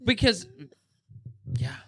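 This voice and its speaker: A man in his thirties, a podcast guest a few beers deep, chatting in an animated, rambling way. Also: takes it slowly, dry recording, studio quality. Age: 30s. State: tipsy from beer. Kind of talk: casual chat.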